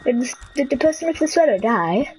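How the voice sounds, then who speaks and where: A woman's voice: sits high, animated, fairly quick, darkish tone, a little hiss or hum, poor audio. Playful woman streaming a game. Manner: playful, joking, talks to other players. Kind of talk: live gameplay commentary. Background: game music.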